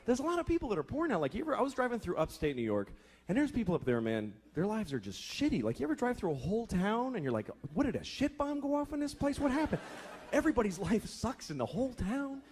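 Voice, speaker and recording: A man in his thirties doing a profane stand-up routine, exasperated, slipping into quick character voices. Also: high voice, huge pitch swings, a little mellow, husky. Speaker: stand-up comedian. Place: comedy club stage with laughing audience. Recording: live club recording with audience noise. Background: audience laughter.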